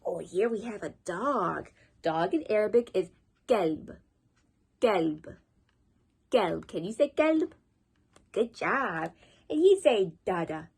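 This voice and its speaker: A woman leading a children's storytime as librarian, encouraging and sing-song, teaching words slowly. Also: medium pitch, animated, a little mellow, slightly rough.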